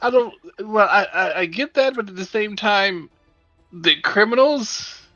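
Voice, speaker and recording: Bright, high male player, joking, slightly muffled sound. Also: expressive, measured pace, no echo, soft background music. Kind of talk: casual tabletop play.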